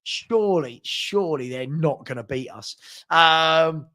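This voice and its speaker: A young man hosts a live fan watchalong, chatting casually into a desk mic and reading viewer comments aloud. His voice sits high for a man, and his talk is loose and full of ums and restarts. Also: lively intonation, unhurried, pushed and bright. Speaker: fan channel host reading live chat.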